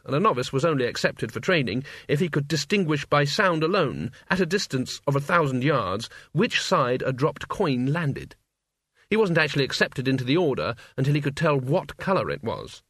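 A man narrating an audiobook in a measured, dry storytelling manner. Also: on the high side, a bit bright, no echo. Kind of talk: scripted narration.

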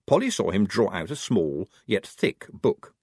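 Anlatım yapan canlı sesli adam. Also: male voice, low-pitched, unhurried, no room sound, clean studio sound. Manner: expressive, varied delivery. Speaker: audiobook narrator. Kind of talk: scripted narration.

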